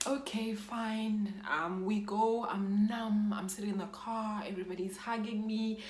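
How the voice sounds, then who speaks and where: A woman's voice: medium pitch, steady tone, a little slow, darkish tone, roomy sound. Young South African woman, emotional storytelling. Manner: emotional, mixes in Xhosa phrases. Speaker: YouTuber. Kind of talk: storytime vlog.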